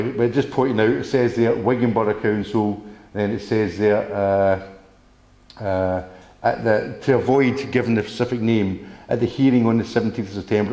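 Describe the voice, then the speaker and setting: A man with a fairly low voice gives a talk to a local group. He is indignant and rambling, doubling back on his words and reading out bits of letters between his complaints. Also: a little mellow. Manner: indignant, rambling, repeats himself, reads letters aloud. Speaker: presenter.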